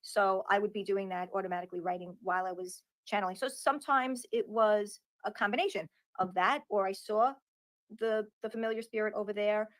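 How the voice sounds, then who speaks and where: A woman's voice: medium pitch, steady tone, fairly quick. A woman answering interview questions in an earnest, explanatory way. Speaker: interview guest.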